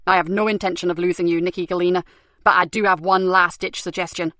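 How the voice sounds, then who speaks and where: A blunt, dry-spoken senior police superintendent, as a woman reader puts him on, talking straight and with no fuss. Her voice sits low and is recorded close and dry, in a crime audiobook. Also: fairly even intonation, quick pace, a bit bright, no room sound, close to an everyday voice.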